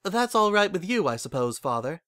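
A proud, refined young unicorn mare with a high, prim voice that wavers with nerves, as a man puts her on. The delivery stays dry and close, pitched well above the reader's natural voice. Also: big pitch swings, moderate pace, a bit bright, no room sound. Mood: flustered.

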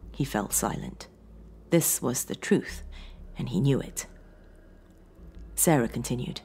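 A woman narrating a horror story with an expressive storytelling delivery. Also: very deep voice, unhurried, pauses often, slightly rough.

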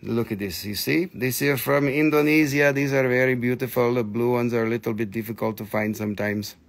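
A man hosting a live rock sale, excitable and jokey, gushing over each piece and chatting to viewers by name. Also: medium pitch, brisk, gravelly. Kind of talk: live selling stream chat.

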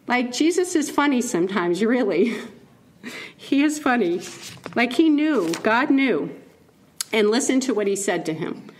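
A woman giving a keynote talk as a conversational sermon, playful and animated and laughing at her own asides. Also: on the high side, measured pace, pauses often. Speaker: keynote speaker.

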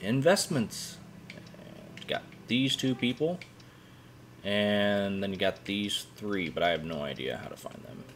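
A man's voice: lowish voice, lively intonation, unhurried, a little hiss or hum. A man casually thinking aloud while commentating a video game over faint game music. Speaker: gaming YouTuber. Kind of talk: let's play commentary.

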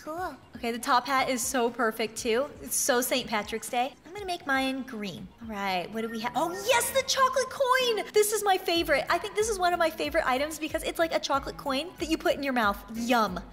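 A woman giving excited gameplay commentary as a YouTuber, bubbly and gushing, with frequent gasps of delight. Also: sits high, fairly quick, hardly any pauses, a little hiss or hum. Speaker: YouTuber showing items in an online game.

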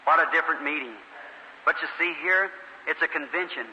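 Fervent preacher in an echoey hall. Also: male voice, fairly high pitch, brisk, pushed and bright, slight background noise. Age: 40s. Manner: fervent, storytelling, voices the people in his stories. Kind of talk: revival sermon. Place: large meeting hall. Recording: echoey hall on old lo-fi tape.

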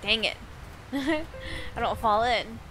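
Playful, high-voiced woman streamer. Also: expressive, slow pace, fairly bright tone. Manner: playful, giggly, chatty. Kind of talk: casual gameplay commentary. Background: game music.

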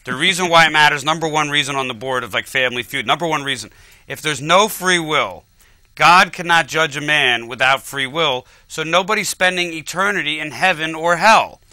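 A man's voice: fairly high pitch, fairly quick, pushed and bright, no echo. A man co-hosting a casual discussion show, teasing his partner and cutting in playfully. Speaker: co-host.

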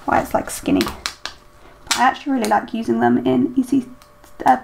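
This planner vlogger's fairly high voice swings widely in pitch, with vocal fry and a darkish tone, at a moderate pace over slight background noise. She chats to herself while decorating in a casual plan-with-me, using many ums and little questions.

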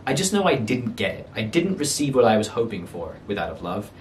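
Animated ranting man in a roomy echo. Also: on the low side, brisk, slight background noise. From London, England. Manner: animated ranting, incredulous rhetorical questions. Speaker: book reviewer. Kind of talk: casual video review. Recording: roomy echo, mic at a distance, faint ambience.

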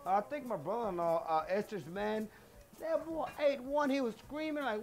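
A man's voice: sits high, normal speed. A middle-aged man, hosting a casual home cooking show in his kitchen, chatty and boastful, dropping phrases as he goes.

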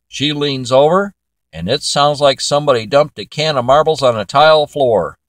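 An older man telling a folksy joke story as a storytelling uncle, in a drawn-out, chatty way. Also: mid-range voice, no echo, clean studio sound. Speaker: joke teller.

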